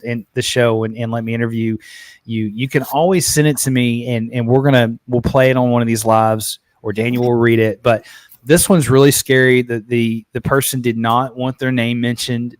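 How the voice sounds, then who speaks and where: A man hosting a live podcast, chatting casually and excitedly, often repeating words as he goes. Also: mid-range voice, no echo. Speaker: podcast host. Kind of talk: casual live-stream chat.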